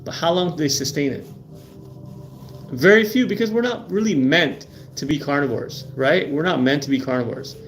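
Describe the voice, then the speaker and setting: Middle-aged male host, emphatic and repetitive, slightly raised pitch, live-stream talk. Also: normal speed, fairly bright tone, slight background noise. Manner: emphatic, repeats words, asks "right?" often. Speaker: livestream host.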